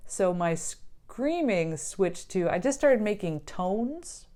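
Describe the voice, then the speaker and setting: A young woman with a low voice tells a personal story to camera in a loose, chatty way. She laughs easily and scatters "like" through her sentences. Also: animated, slow pace. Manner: chatty, laughs often, many "like" fillers. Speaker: vlogger telling her birth story. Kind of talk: casual storytelling.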